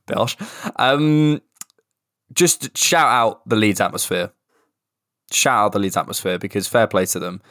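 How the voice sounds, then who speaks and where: A man co-hosting a casual football podcast, analysing the match in quick bursts with many restarts and the odd swear word. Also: lowish voice, fairly bright tone, no room sound, clean studio sound.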